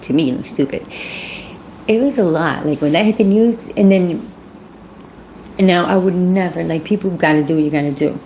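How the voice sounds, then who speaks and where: A woman's voice: sits low, warm tone, a little hiss or hum, low-quality recording. A woman in her thirties talking through a news story in a casual vlog, blunt and swearing freely, rising to emphatic stretches. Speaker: vlogger.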